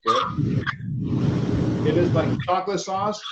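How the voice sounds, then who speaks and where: A man's voice: high-pitched, a little slow, very noisy. A man, a chef instructor teaching an online class in a loose, chatty way, often checking in with "okay?". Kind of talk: casual online class lecture. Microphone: video call. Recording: echoey, dull video-call audio.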